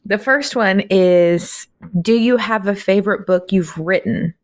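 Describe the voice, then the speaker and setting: A woman's voice: medium pitch, a little slow. A woman hosting a podcast, interviewing an author and agreeing readily. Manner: warm, agreeable, frequent affirming murmurs. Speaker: podcast host.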